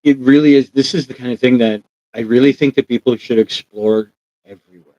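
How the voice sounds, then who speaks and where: A man's voice: mid-range voice, fairly even intonation, fairly quick, mellow, dry recording, muffled recording. A man hosting a casual live stream, enthusiastic, asking his guest questions and answering viewers in the chat. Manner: enthusiastic, talks to viewers in chat, acts out quoted voices. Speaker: live show host.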